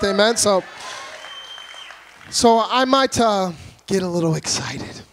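Brief: high-pitched male preacher from Florida, energetic, comic, loud delivery to a church crowd. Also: moderate pace, a little hiss or hum. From Orlando, Florida, USA. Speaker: guest preacher. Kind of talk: humorous sermon to a congregation. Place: church before a live congregation.

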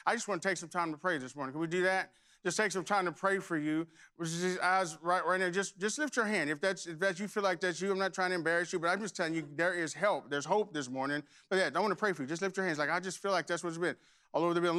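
A man's voice: sits high, quick pace, pushed and bright, smooth. A middle-aged man preaching a sermon, telling a folksy personal story and then leading prayer. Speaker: pastor.

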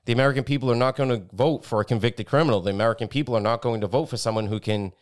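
A man's voice: mid-range voice, fairly even intonation, rapid-fire. A man co-hosting a podcast, reading news articles aloud with blunt, profane asides and stumbling over a few words as he reads. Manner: blunt, profane asides between read passages. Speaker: podcast co-host.

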